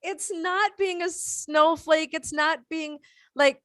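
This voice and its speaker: Give me a high-pitched woman co-hosting a radio chat, emphatic, with a dry sound. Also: fairly even intonation, takes it slowly, sharp tone, no echo. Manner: emphatic, opinionated. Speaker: radio show co-host. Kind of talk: casual chat.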